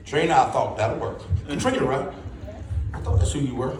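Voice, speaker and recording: A man's voice: mid-range voice, lively intonation, brisk, music in the background. A man doing a stand-up comedy set, telling rambling folksy stories with punchlines. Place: comedy club stage before a live audience. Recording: roomy club, distant mic, audience laughter.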